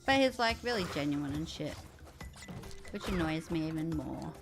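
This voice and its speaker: A woman's voice: low voice, animated, normal speed, creaky, over music. Chatty, swearing woman streamer. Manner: chatty and swearing, with loud outbursts at the game. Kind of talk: casual chat while gaming.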